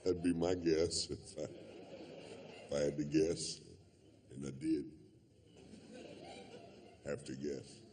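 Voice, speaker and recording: A man's voice: very deep voice, fairly even intonation, slow pace, long pauses, noisy background. A man doing stand-up comedy, telling a long story in a laid-back, profane drawl full of fillers.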